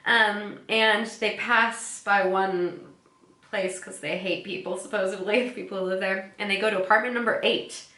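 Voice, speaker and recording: A woman's voice: medium pitch, steady tone, normal speed, pushed and bright. A woman casually recapping episodes as a podcast co-host, chatty and giggly, often acting out quoted lines. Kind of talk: casual chat. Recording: echoey room.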